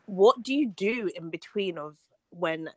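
A woman's voice: on the low side, lively intonation, a little slow, no room sound. A woman with a London accent, a guest on a podcast, talking reflectively with frequent "like" and "um". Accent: London English. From England. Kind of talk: casual podcast chat.

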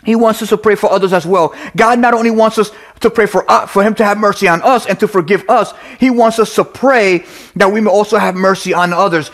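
A man's voice: high voice, fairly quick, a bit bright. A middle-aged man preaching a sermon, earnest and repetitive, with restarts and fillers.

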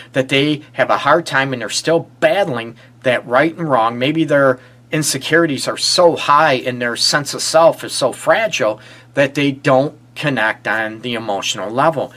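A man's voice: medium pitch, bright, forceful tone. A middle-aged man, a relationship therapist, giving earnest advice on a live stream and asking rhetorical questions. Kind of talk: casual advice talk to a live audience.

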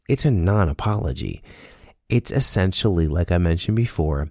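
Earnest male storyteller, deep and mellow, casual monologue, dry recording. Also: animated, normal speed, dry recording. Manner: earnest, storytelling with quoted dialogue. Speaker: speaker sharing a personal lesson.

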